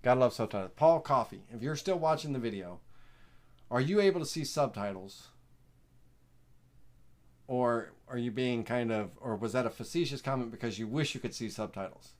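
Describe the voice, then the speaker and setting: A man with a Southern US accent hosting a live software tutorial, rambling and folksy with lots of fillers. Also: medium pitch, animated, moderate pace, pauses often. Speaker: host.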